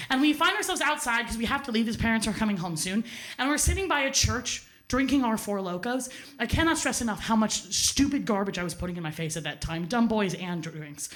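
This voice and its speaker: A woman telling a funny personal story live to a theater audience, animated, swearing freely and laughing at herself. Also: fairly high pitch. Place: theater stage.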